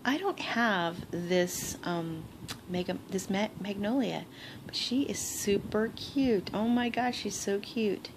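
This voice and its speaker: A woman in a casual crafting vlog, gushing and excited as she opens gifts, recorded on a phone in her bedroom. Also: medium pitch, slow pace. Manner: gushing, excitable, gasps and laughs often. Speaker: crafting vlogger. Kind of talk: casual unboxing chat. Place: bedroom at home. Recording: noisy home phone recording.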